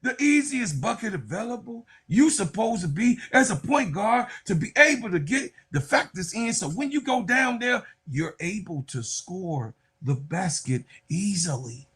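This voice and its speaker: A man with a high, husky voice talks through women's basketball like he is chatting with friends. He stays animated and speaks straight to his viewers. Every few moments he drifts off into an aside. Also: unhurried, hardly any pauses. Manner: animated, addresses viewers directly, trails off into asides. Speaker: sports commentator. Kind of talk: casual basketball commentary.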